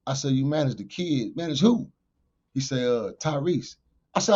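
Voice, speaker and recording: A man, a podcast guest, telling a street story in animated fashion. He swears freely and gets loud whenever he quotes himself. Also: mid-range voice, normal speed, slightly rough, lo-fi sound. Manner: profane, loud bursts when quoting himself.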